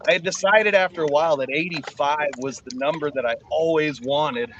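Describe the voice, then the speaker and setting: A man with a slightly raised pitch, rambling through a story with fillers. The sound is dull and lo-fi, with clear noise behind. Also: a little fast, a bit bright. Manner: rambling, with fillers like you know. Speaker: angler competitor. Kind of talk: casual chat.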